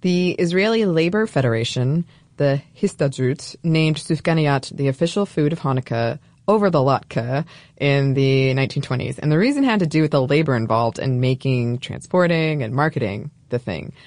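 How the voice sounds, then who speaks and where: A woman's voice: sits low, lively intonation, normal speed, darkish tone, no echo. A woman co-hosting a podcast, reading facts in a dry, wry casual chat. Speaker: podcast co-host.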